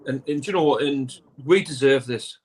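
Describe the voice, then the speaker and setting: A man speaking as a guest on a casual video call, emotional and halting, full of ums. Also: mid-range voice, low-quality recording. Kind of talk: casual chat.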